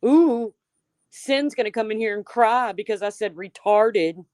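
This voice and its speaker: A woman's voice: a little high, measured pace, a little mellow, no echo, clean studio sound. A woman hosting a livestream, ranting heatedly with lots of swearing and calling out chat viewers by name. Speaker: livestream host.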